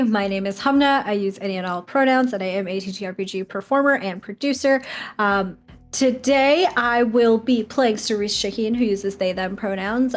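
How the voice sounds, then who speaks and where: A woman player and producer introducing herself with a bright, welcoming manner. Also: medium pitch. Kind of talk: casual chat.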